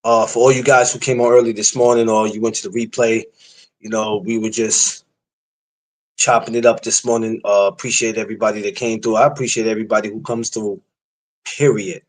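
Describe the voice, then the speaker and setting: A man's voice: on the low side, level tone, a little fast, low-quality recording. A man hosting a boxing podcast, chatting loosely with his audience in slangy greetings and asides. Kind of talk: casual livestream podcast chat.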